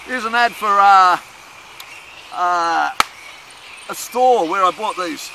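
Man, high voice, erratic improvised monologue and chant, street noise behind. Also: slow. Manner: erratic, swings from muttering to loud chanting. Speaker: performer in an experimental film. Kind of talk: rambling improvised monologue and singing. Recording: outdoor recording with clear street noise.

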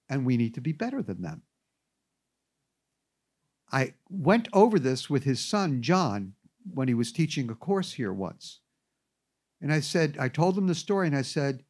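A man's voice: medium pitch, breathy edge. A man giving an anecdotal classroom lecture, telling stories with wry asides. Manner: animated storyteller with wry asides.

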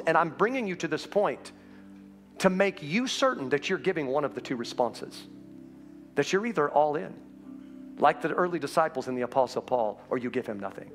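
Impassioned man preaching over soft music. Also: lively intonation, brisk. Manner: impassioned preaching that climbs in pitch and urgency. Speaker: pastor. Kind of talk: sermon. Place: church sanctuary.

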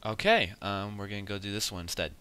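A man's voice: lowish voice, fairly even intonation, fast, bright, forceful tone, clean tone. A young man giving casual let's play commentary, swearing often and muttering at the game in frustration.

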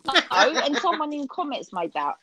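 A woman's voice: high-pitched, sing-song, normal speed, highs cut off, crowd noise. A woman hosting a casual livestream chat, swearing freely and calling people darling. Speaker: livestream host.

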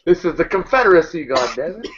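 A man's voice: fairly high pitch, big pitch swings, fast talker, husky. A man hosting a live video hangout, laughing hard and swearing freely. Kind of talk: casual chat. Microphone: video call. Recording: slightly dull video call audio.

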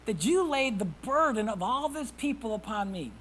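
Male pastor, sermon, hushed whispers then loud emphasis, calls out to the congregation. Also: very high voice, expressive, moderate pace, slight background noise, poor audio. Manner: reads scripture in old-fashioned wording.

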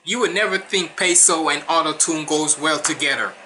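A Caribbean man with a Jamaican accent reacting to a rap cypher, excited and chatty, often breaking into laughs. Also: fairly high pitch, normal speed. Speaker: reaction streamer.

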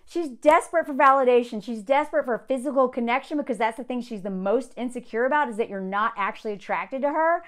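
A woman's voice: fairly high pitch, quick pace, few pauses, fairly bright tone. A woman from the Southern United States with a Southern accent, giving casual, opinionated, sarcastic commentary on a reality show. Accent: Southern American.

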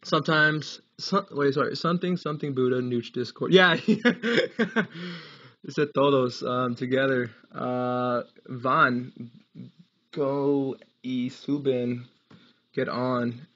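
A young American man rambles on a casual live gaming stream, laughing a lot and reading the chat out loud. His medium-pitched voice is slow and slightly bright, with lo-fi sound.

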